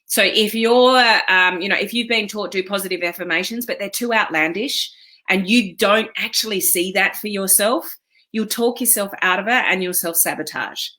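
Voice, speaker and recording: Chatty woman with a bright voice. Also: mid-range voice, normal speed. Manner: chatty, encouraging, with many fillers and quoted self-talk. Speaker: online business coach. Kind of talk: casual motivational talk to an online community.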